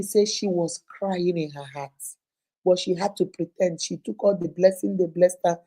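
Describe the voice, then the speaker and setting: A Nigerian woman with a husky, mellow voice hosts an advice show for her viewers. She retells a caller's story in an expressive, heartfelt way, slipping into pidgin phrases. Her voice has a gravelly edge. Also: medium pitch, normal speed, rough recording.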